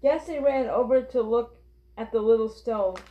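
A woman reading a children's book aloud with clear, steady storytelling. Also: fairly high pitch, normal speed. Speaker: reader. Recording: roomy, dull lo-fi.

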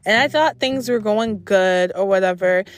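A woman's voice: mid-range voice, normal speed. A young adult woman telling a story to her camera in a blunt, profane, exasperated storytime rant. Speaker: vlogger.

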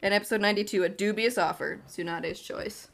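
A woman's voice: mid-range voice, fairly even intonation, creaky, a little hiss or hum. A woman co-hosting a podcast, wry and casual, reading out episode titles with some stumbles. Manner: wry, reads titles aloud haltingly. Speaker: podcast co-host.

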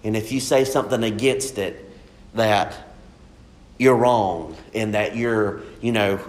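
A man's voice: on the low side, slow. A man preaching a sermon in a folksy, emphatic way, repeating his points.

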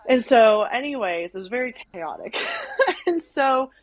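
A young woman from Arkansas, a podcast guest telling a story in animated casual chat, full of "like" and acted-out quotes. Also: fairly high pitch, a little slow, dry recording, low-quality recording. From Arkansas, USA. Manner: animated, many "like"s, acts out quotes.

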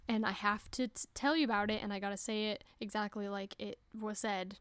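A young woman hosting a casual solo podcast, chatty and giggly, swearing freely and breaking into quick voices. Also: mid-range voice, fairly even intonation, fairly bright tone, clean tone, no room sound. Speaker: podcast host.

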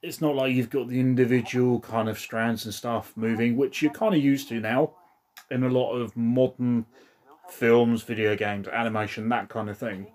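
A man's voice: medium pitch, fairly even intonation, moderate pace, a little mellow. A man, rambling and swearing casually as he comments on a film he is watching. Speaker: film reviewer.

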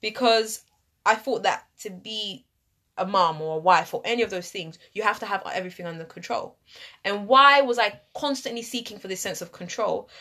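A woman's voice: mid-range voice, moderate pace, sharp tone. A woman chatting casually on a podcast, telling a personal story with animation and acting out her own inner voice and other people's remarks.

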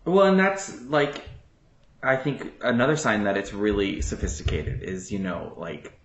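Soft-spoken co-host in a roomy space. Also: mid-range voice, a little slow, lo-fi sound. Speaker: podcast co-host. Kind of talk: casual chat.

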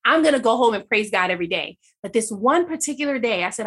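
A woman guest telling a personal faith testimony in conversation, animated and acting out her own dialogue. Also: on the high side, fast talker, few pauses, husky.

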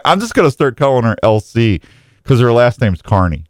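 A man's voice: mid-range voice, big pitch swings, normal speed, dry recording, clean studio sound. A male radio show host greeting listeners one by one in a jokey, rambling way, often tripping over his words. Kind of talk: live talk show with listener shout-outs.

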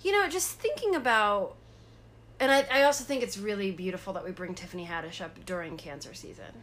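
A woman's voice: medium pitch, expressive, fairly quick, a bit bright, a little hiss or hum. A woman co-hosting a podcast in casual chat, speaking in a supportive, earnest, reflective way. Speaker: podcast co-host.

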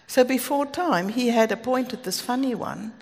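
A South African woman with a fairly high voice preaches at a moderate pace, telling stories earnestly. She drops in asides and light laughs along the way. A long hall reverb hangs on the recording.

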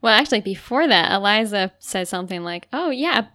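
A woman's voice: medium pitch, fairly quick, sharp tone. A woman co-hosting a podcast, recapping an episode in casual chat, full of "like" and acted-out quotes. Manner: chatty, frequent "like", acts out quotes. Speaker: podcast co-host.

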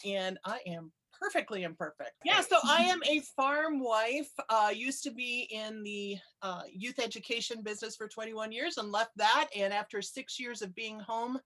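A woman's voice: a little high, moderate pace, few pauses, bright, forceful tone. A cheerful, candid woman with a folksy way of talking, chatting on a video call. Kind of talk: casual webinar chat.

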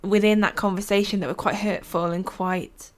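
A woman with a mid-range voice co-hosts a casual faith-based podcast. She tells personal stories in a chatty, open way. She is quick to laugh. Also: medium pitch, steady tone. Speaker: podcast co-host.

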